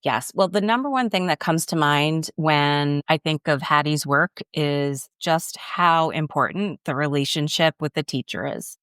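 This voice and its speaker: Low-voiced enthusiastic woman guest. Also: unhurried, hardly any pauses, fairly bright tone, smooth, no echo, studio quality. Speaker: literacy expert guest. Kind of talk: podcast interview.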